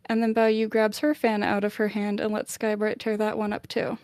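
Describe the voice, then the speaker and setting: A woman on a book club podcast casually retelling a chapter of a novel, chatty and animated, with plenty of "like". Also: a little high, brisk, hardly any pauses, no room sound, clean studio sound. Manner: chatty, lots of "like", animated summarising.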